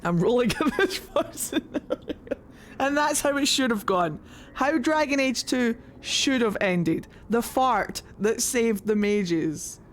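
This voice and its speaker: A woman streaming a video game, chatting excitably and swearing freely. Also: fairly high pitch, slow pace, a little hiss or hum. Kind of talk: live gameplay commentary.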